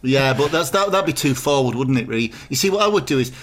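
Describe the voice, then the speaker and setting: A man's voice: medium pitch, lively intonation, quick pace, slight background noise. A man, co-hosting casual studio banter, telling stories and acting out quotes.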